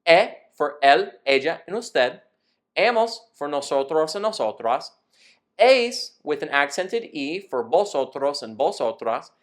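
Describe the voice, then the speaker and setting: A man teaching Spanish in a scripted lesson, explaining verb rules in a clear, methodical way. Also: fairly high pitch.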